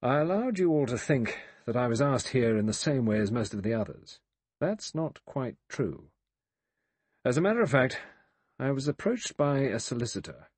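A man's voice: mid-range voice, big pitch swings, moderate pace, a little mellow, slightly rough, no echo, pitched above the performer's own voice. A man voicing a cool, sardonic male adventurer in an audiobook, talking in a dry, guarded way.

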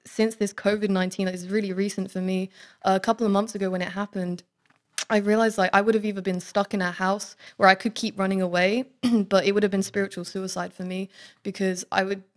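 A young woman giving a candid, earnest personal faith testimony in church, talking casually with many "like"s. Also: medium pitch. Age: young adult. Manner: candid, earnest, heavy use of "like". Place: student living in Oxford.

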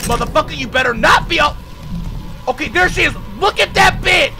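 A man with a very high voice does casual let's play commentary, swearing freely and shouting at the screen. Loud game music plays behind him. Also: fairly quick. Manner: excitable, profane, yells at the game; talks to viewers as "y'all". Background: horror game music.

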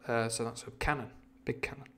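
A man streaming a novel reading, dropping into quiet, chatty asides about the story. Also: mid-range voice, steady tone, brisk. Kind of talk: casual live read-along with asides.

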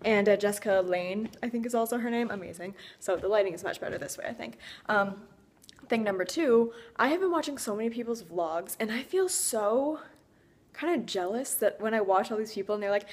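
A woman's voice: on the high side, animated, normal speed. A young woman from Canada chatting casually to camera in a daily vlog, swearing freely and joking at her own expense. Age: young adult. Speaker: vlogger.

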